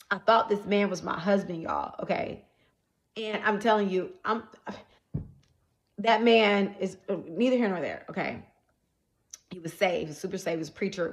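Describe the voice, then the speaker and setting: A woman's voice: mid-range voice, a bit bright. A woman prophetess giving a personal religious testimony to her viewers, speaking earnestly, repeating herself, and often checking that they follow.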